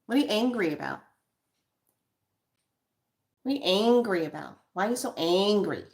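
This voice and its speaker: A woman giving a guided spiritual card reading, slow and reflective, repeating her questions to the listener. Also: medium pitch, animated.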